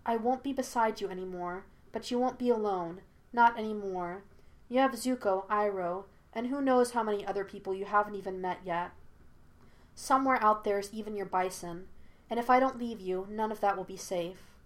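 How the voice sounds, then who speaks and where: A soft-spoken young woman, as a woman reader plays her, gentle yet firm. She keeps her voice low and quiet, at a middle pitch. Storybook reading. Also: moderate pace, lightly acted.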